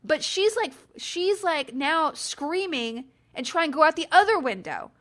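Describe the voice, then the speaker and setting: A woman in her forties hosting a podcast, telling a story in a chatty, animated way with self-deprecating asides. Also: high voice, unhurried. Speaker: podcast host. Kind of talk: casual storytelling.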